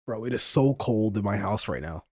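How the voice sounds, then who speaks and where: Husky, swearing male streamer. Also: fairly low pitch, animated, normal speed, darkish tone, no room sound, clean studio sound. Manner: exclaiming, swearing, talking to chat. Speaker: game streamer. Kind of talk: casual live-stream chat. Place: at home.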